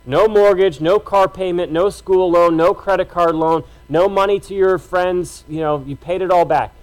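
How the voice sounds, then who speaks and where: High-voiced man preaching a sermon. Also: fairly even intonation, normal speed, rough recording. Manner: conversational, emphatic preaching with repeated phrases. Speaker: pastor.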